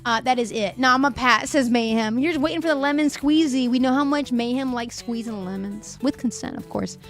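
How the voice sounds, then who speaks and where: A woman's voice: on the high side, brisk. A young woman hosting a live stream, chatting casually and reading viewer messages aloud with frequent laughs, her voice a little worn. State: voice a bit fried. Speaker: livestream host. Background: faint music.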